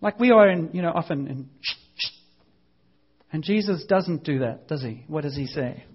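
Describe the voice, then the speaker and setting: A man preaching a lively, conversational sermon, acting out voices and now and then shouting. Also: a little high, fairly quick, breathy edge, lo-fi sound.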